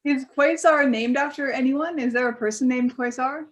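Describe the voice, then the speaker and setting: A woman's voice: high voice, normal speed. A woman hosting a podcast, chatting casually with a playful, teasing manner. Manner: playful, teasing, laughs easily. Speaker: podcast host. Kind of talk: casual chat.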